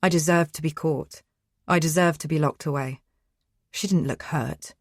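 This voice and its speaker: A woman narrates a first-person thriller in a tense, hushed, inward way. Her voice sits low and is recorded close and dry in a studio. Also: moderate pace, no echo. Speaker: audiobook narrator.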